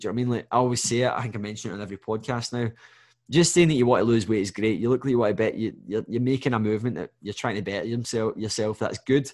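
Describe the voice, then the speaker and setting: A man's voice: medium pitch, fast talker. A man, a fitness coach, giving advice in a rambling, conversational solo podcast monologue and often checking in with the listener. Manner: rambling and conversational, with frequent "do you know what I mean"; direct, motivational advice.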